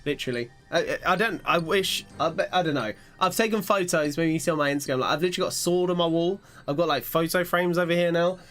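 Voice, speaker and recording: A man's voice: a little high, quick pace, hardly any pauses, faint music behind. Rambling young man streaming games. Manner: rambling, self-mocking, animated. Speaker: gaming streamer. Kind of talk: live-stream chat while gaming.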